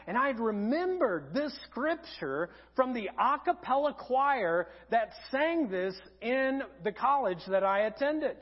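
A man preaching a sermon as pastor, telling humorous stories in an animated way in a church auditorium. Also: very high voice, takes it slowly, few pauses. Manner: humorous storytelling, animated and lively. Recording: dull sound in a reverberant auditorium.

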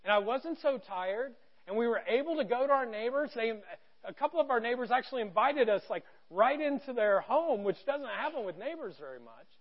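A middle-aged man preaching a sermon from a church stage, conversational and joking, going from quiet to loud. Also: very high-pitched, animated, fairly quick, lo-fi sound. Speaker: pastor.

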